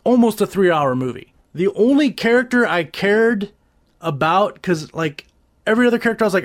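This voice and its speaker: A man with a high voice talks through his reviews in a loose, rambling way. He swears freely, stumbles over restarts, and gets animated when something annoys him. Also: fast talker. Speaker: podcast host reviewing gadgets and movies. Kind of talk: casual crude review chat.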